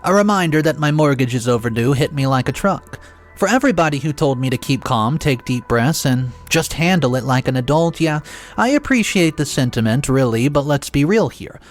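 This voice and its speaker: A man narrating a dramatic first-person story in a sarcastic, exasperated and animated way. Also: mid-range voice, fairly quick, faint music behind.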